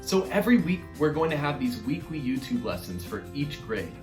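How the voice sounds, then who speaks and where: A man with a medium-pitched, very animated voice teaches an online music lesson to young children, speaking straight to his class in an upbeat, encouraging way. He talks a little fast, and the sound is reverberant.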